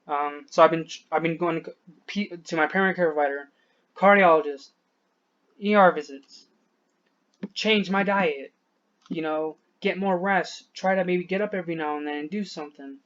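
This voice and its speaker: A man's voice: on the high side, normal speed, fairly bright tone, lo-fi sound. A man venting to the camera, short of breath, frustrated and rambling, swearing often and trailing off mid-sentence.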